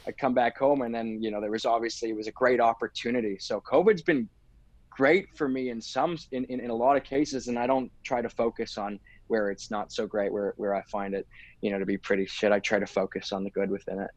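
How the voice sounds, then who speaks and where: Low-voiced man telling a story. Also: fairly quick, dry recording. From Canada. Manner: animated storyteller, repeats words while building a point. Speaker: interview guest. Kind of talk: casual interview storytelling.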